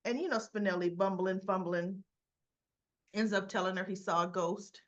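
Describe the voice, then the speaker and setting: A woman's voice: medium pitch, fairly even intonation, normal speed, dull audio. A woman casually recapping and commenting on soap opera episodes, retelling scenes with quoted lines.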